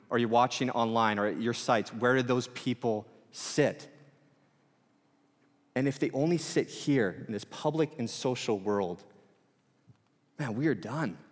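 Male pastor in his thirties, easygoing conversational preacher, big reverberant room. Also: medium pitch. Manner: casual, animated preaching with many fillers. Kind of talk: sermon. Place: church auditorium. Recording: reverberant church hall.

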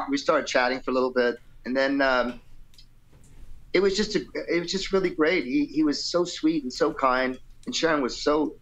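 Poor audio captures a mid-range male voice speaking at a moderate pace: a rock singer, here as a guest, rambling through a long anecdote in a casual interview. He stays animated and playful, voicing other people's lines with a changing tone, while keeping it laid-back with fillers and "you know."

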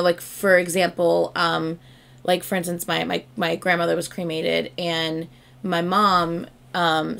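Gushing woman with a gravelly voice. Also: on the low side, a bit bright. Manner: chatty, gushing, swears freely. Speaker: music video reactor. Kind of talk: casual reaction commentary.

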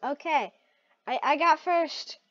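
A woman giving excited gameplay commentary, shrieking and laughing at close calls. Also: high-pitched, slow. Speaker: gaming video host. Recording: dull lo-fi mic.

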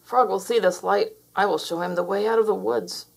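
A woman's voice: mid-range voice, fairly even intonation, fairly quick, gravelly, husky, low-quality recording. A woman voicing an anxious male toad in a children's storybook, asking worried questions. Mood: determined.

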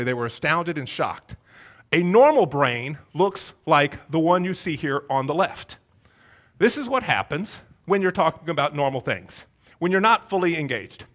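Animated man preaching a sermon. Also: a little high. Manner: animated, rhetorical questions to the congregation. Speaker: pastor. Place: church sanctuary.

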